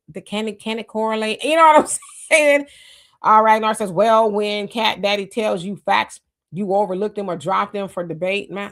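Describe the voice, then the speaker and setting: A woman's voice: mid-range voice, fairly bright tone. Chatty woman livestream host. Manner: chatty, greets commenters, frequent restarts and laughs. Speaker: livestream host reading chat. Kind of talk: casual live-chat commentary.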